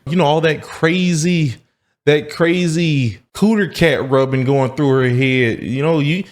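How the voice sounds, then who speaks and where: A man's voice: a little high, measured pace. A man hosting a casual reaction commentary, cracking jokes and sounding incredulous as he reacts. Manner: joking, incredulous asides. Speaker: commentary host.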